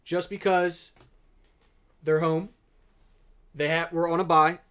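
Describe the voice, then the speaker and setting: A man's voice: fairly high pitch, flat delivery, slow pace, fairly bright tone, clear, resonant tone. A man co-hosting a casual sports picks chat, steering the segment and stating firm opinions. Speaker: podcast co-host running the picks.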